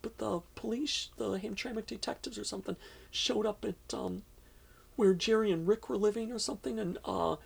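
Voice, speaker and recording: Gravelly rambling man telling a story. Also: high voice, normal speed. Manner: rambling, many "you know"s and restarts. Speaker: interviewee. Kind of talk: casual storytelling.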